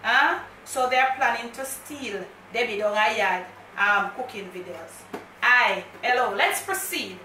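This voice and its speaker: A woman's voice: a little high, measured pace, bright, forceful tone, reverberant, recorded from a distance, a little hiss or hum, poor audio. A woman with a Jamaican accent hosts a casual cooking vlog from her home kitchen, talking directly to viewers and mixing in patois. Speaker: cooking channel host.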